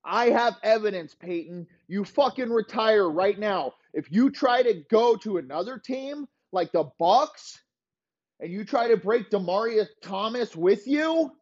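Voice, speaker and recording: A man voicing a foul-mouthed, scheming aging football executive in a gruff, low, menacing voice, swearing constantly. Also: normal speed, dark tone, no echo, highs cut off, lightly acted. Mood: threatening.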